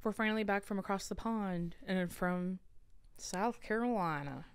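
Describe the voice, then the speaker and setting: A woman's voice: medium pitch, normal speed, clean tone, dry recording. A young woman hosting a casual podcast chat in an upbeat, chatty way. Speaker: podcast co-host.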